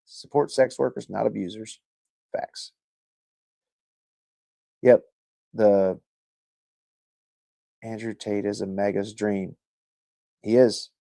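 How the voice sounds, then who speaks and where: Hosting a livestream, this man chats casually, reads viewer comments, and rambles, joking and swearing a lot in a laid-back way. His voice is on the low side, steady, slow, creaky and mellow, with frequent pauses, on a dry recording.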